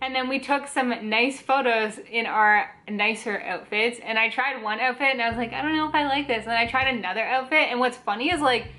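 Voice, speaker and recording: A young woman vlogging, telling a personal story to camera in a chatty, animated way, full of "like" fillers. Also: fairly high pitch, brisk, few pauses.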